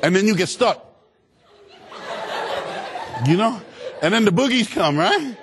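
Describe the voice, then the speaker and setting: A man giving an energetic, humorous motivational speech to students, calling out to the crowd for answers. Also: sits high, measured pace, background noise. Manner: animated, humorous, call-and-response with audience. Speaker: motivational speaker.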